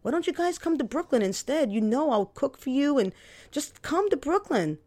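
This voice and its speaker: A grown brother, stuck and resentful, as a woman reading her memoir puts him on. His voice climbs higher and louder as he pleads and pushes back, with a defensive, bitter edge. It is a spoken storybook reading. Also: sing-song, moderate pace. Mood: pleading.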